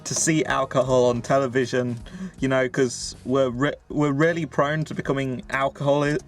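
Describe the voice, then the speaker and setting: A man from England co-hosting a casual reaction show, rambling and joking and quick to laugh. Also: medium pitch, flat delivery, faint music behind. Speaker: co-host of a reaction channel. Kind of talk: casual chat.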